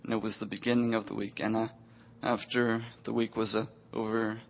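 A man sharing a personal testimony in a halting way. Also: lowish voice. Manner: slow, flat, halting. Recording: dull lo-fi audio.

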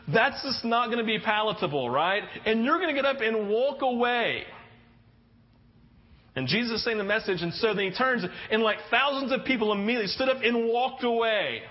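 A male pastor preaching, telling stories in an animated way and often restarting his sentences. His voice sits high for a man, and the recording is dull and lo-fi. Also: a little fast, in a large hall. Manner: animated storytelling with frequent restarts. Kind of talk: sermon. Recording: muffled lo-fi recording.

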